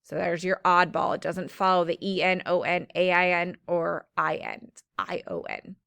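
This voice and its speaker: A woman teacher giving a slow, clear phonics lesson to children, stretching out the sounds of words. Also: on the low side, fairly bright tone, no echo.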